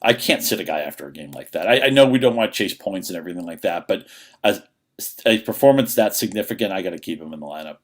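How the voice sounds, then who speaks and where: A man appearing as a fantasy football analyst on a sports radio show, breaking down players in a rapid, analytical way. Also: sits low, animated. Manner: rapid, analytical, with quick restarts. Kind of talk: casual sports radio chat.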